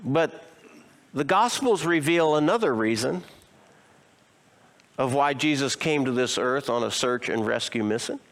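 A male pastor delivers an expressive sermon, posing rhetorical questions to his listeners and slowing down to emphasize key phrases. His voice is medium in pitch and animated.

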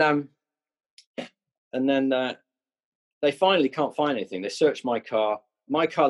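A man's voice: mid-range voice, breathy edge. A middle-aged man telling a rambling anecdote as an interview guest, full of restarts and asides. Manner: rambling, many restarts and "you know"s. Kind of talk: anecdotal storytelling.

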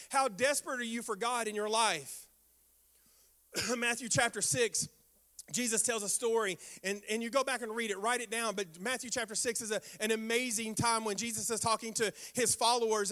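An older man, a pastor, preaching a sermon with animated storytelling and sudden exclamations. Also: very high-pitched. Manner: animated storytelling with sound effects and prayer.

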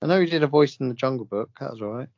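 A man's voice: mid-range voice, expressive, racing, gravelly, a little mellow, no echo, muffled recording. A man co-hosting a casual podcast chat, teasing and full of cheeky banter. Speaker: podcast co-host.

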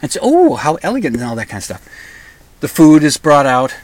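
A man's voice: medium pitch, a little fast. Rambling middle-aged male monologue host. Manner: digressive, with frequent restarts and repeated words.

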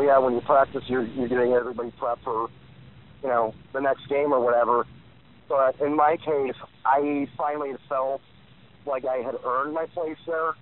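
A man in his forties giving rambling interview answers, full of fillers and restarts. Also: mid-range voice. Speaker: guest. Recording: tinny phone line.

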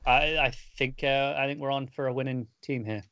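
An enthusiastic man talks about comics on a casual podcast. He speaks quickly and keeps adding details. The sound is dull and lo-fi, with a dry room. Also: mid-range voice, steady tone, fairly bright tone, clear, resonant tone, dry recording. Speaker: podcast co-host. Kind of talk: casual comic book discussion.

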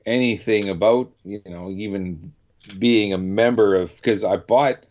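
A man's voice: lowish voice, a little slow, darkish tone. A Canadian man hosting a radio show, chatting casually and rambling with many restarts. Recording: dull lo-fi sound.

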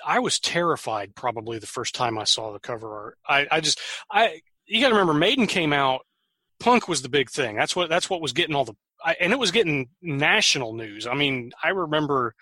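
A man's voice: on the high side, lively intonation, a little fast, bright, forceful tone, dry recording. A middle-aged man co-hosting a podcast, chatting casually and trailing off with ums and uhs. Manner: talkative, trails off with fillers. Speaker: podcast co-host. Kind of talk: casual chat.

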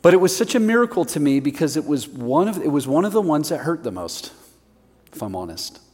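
A middle-aged male preacher telling a personal story in a sermon, animated and self-mocking. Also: a little high, brisk, husky. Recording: long reverb of a large hall.

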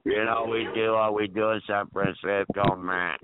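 A man on a chat line speaking in a slow drawl over a tinny phone line. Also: on the low side, steady tone, a little hiss or hum.

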